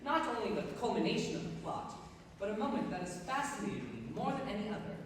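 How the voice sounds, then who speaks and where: A man's voice: sits high, expressive, fast. A young male student actor playing a lonely, rambling theatre fan who confides in the audience on a school stage. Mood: confiding. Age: teens. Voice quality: confiding, rambling, self-mocking. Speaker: narrator character in a stage musical. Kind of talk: live stage acting. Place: large school auditorium stage. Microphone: distant stage mics. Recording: echoey hall from far off with noise.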